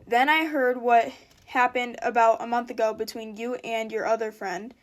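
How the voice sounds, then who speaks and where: A woman's voice: a little high, fairly even intonation, moderate pace. A teenage girl reading a prepared statement to camera, often stumbling and restarting her lines with flustered asides. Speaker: vlogger.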